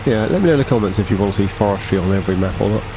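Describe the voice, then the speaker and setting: A man's voice: on the low side, racing, gravelly, background noise. A man chatting casually as he plays a farming game, rambling and correcting himself. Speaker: gaming channel host.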